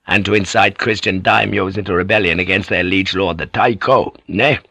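A man voicing a very deep, commanding warlord. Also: fairly bright tone, no room sound, heavily acted. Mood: gruff. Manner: measured, cunning, authoritative. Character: shrewd, commanding male feudal warlord.

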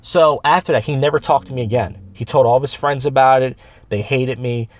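A podcast host and open mic comic speaks a little fast in a mid-range voice, rambling through long stories in casual chat with many restarts and quoted voices. He's recorded on a studio microphone.

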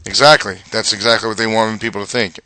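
Man, podcast co-host, casual ranter, bright tense tone, close dry mic. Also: on the low side, fairly even intonation, fast, clean tone, no echo. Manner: rambling, ranting with many fillers. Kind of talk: casual chat.

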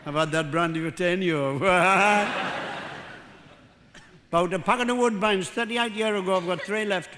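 An older man from North East England, speaking with a Geordie accent, performs a rambling, self-mocking stand-up set and banters with the crowd. His voice is high and unhurried, with frequent pauses and some background noise. The setting is a live hall with faint crowd ambience.

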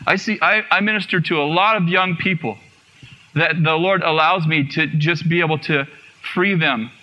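A man's voice: a little high, normal speed, dull audio. A man preaching a sermon to a congregation, earnest and repeating phrases for emphasis. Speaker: guest preacher.

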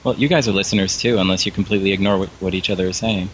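Man, caller, casual chat, lowish voice, hesitant, giggly, faint ambience. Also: fairly even intonation, rapid-fire, slight background noise, rough recording. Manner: self-deprecating, hesitant, giggly.

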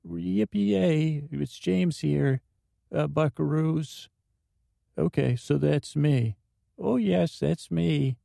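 A man's voice: fairly high pitch, very slow, gravelly, dark tone, dry recording, clean studio sound, voice pushed up, heavily acted. A man voicing a goofy, eager grown man with a folksy, chirpy manner in an improvised comedy scene. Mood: giddy. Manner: folksy, chirpy, says buckaroos and bucko.

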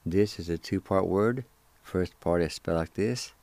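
A man's voice: low-pitched, normal speed, darkish tone, dry recording. A man hosting a radio language lesson, patiently spelling and repeating each word syllable by syllable. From Cherokee Nation, Oklahoma. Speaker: radio host teaching language. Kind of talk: slow spelling and pronunciation lesson.

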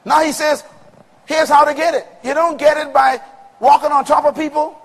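A man preaching a sermon to a congregation with call-and-response and rhythmic, shouted peaks. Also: extremely high pitch, flat delivery, moderate pace, vocal fry. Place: large room with congregation. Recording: long reverb of a large hall.

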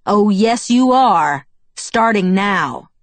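A woman doing a gruff, blunt middle-aged dad. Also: lowish voice, moderate pace, no room sound, natural voice. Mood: angry. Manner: blunt, turns to shouting. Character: gruff middle-aged father, police chief, easily riled.

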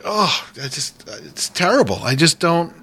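Bright-voiced man, joking casual chat. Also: a little high, animated, husky. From New England. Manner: laughing, joking, doing quick impressions. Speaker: guest on a radio show.

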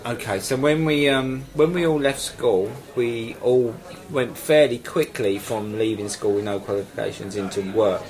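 A man's voice: mid-range voice, normal speed, few pauses, a little mellow. A man with a London accent telling comic stories with wry, mock-posh asides, then hosting a chat. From southeast London. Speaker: host. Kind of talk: stand-up comedy then group chat. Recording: crowd laughter behind.

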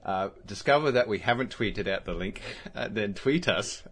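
Male co-host with a lowish voice, loose chatty podcast banter, laughs a lot, meanders. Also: expressive, moderate pace, fairly bright tone, husky. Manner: laughs often, rambling and self-correcting. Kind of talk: casual chat.

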